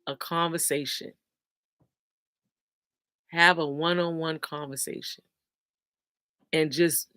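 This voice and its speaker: A slow, deliberate host speaks to viewers in a preachy, emphatic way, reading out comments and quoting scripture. The host repeats key lines for weight. The voice sounds dry and close, with no room echo. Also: medium pitch, fairly bright tone, clear, resonant tone. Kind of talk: casual motivational talk with scripture.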